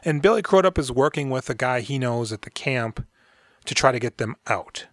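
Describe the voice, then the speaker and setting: A man's voice: mid-range voice, animated, moderate pace, a bit bright, dry recording. A man hosting a podcast, casually retelling a film's plot in a rambling, profane way and acting out the characters' lines. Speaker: podcast co-host. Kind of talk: casual movie recap.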